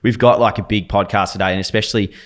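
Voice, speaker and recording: A man's voice: lowish voice, steady tone, fast talker. A young man co-hosting a podcast, chatting in a laid-back, rambling way with lots of ums. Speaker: podcast co-host. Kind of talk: casual chat.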